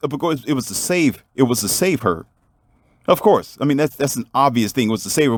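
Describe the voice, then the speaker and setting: A man's voice: medium pitch, expressive, a little fast, no echo, clean studio sound. Emphatic man preaching to the viewer. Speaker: vlogger. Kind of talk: motivational storytelling monologue.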